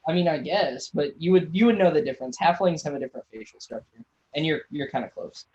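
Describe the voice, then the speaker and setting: A man running a tabletop game as game master, narrating in a relaxed, halting way with many restarts. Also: on the high side, highs cut off.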